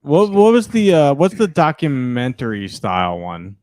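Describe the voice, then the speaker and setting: A man's voice: medium pitch, huge pitch swings, normal speed, a little mellow, no echo. A man hosting a podcast, easygoing and steering the show toward its close. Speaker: podcast host wrapping up the show. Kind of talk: casual podcast chat.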